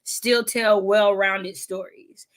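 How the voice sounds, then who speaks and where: A woman hosting a casual book discussion, animated and laughing as she acts out her own reactions. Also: mid-range voice, slow. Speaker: readathon host. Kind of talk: casual video-call book chat.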